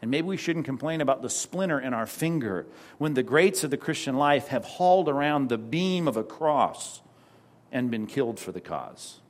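A middle-aged man preaching a sermon as pastor, animated, with sudden drops to a hush and mocking asides. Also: medium pitch, normal speed.

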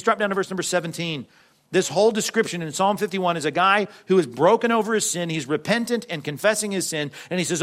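Guy preaching a sermon, kinda high voice, chatty, keeps asking right?. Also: big pitch swings, a bit bright. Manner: conversational preaching with frequent "right?" asides; slows and stresses quoted scripture. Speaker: pastor.

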